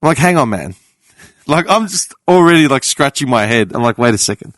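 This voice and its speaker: Animated Australian man telling a story. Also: medium pitch, normal speed, no room sound, clean studio sound. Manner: animated, acts out the people in his story, laughs often; swears casually. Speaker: podcast panelist. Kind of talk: casual storytelling chat.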